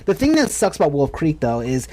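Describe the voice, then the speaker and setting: A man's voice: on the high side, wildly swooping pitch, brisk, a little mellow. An American man in his thirties, co-hosting a podcast in a rambling, enthusiastic casual chat full of restarts. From United States. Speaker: podcast co-host.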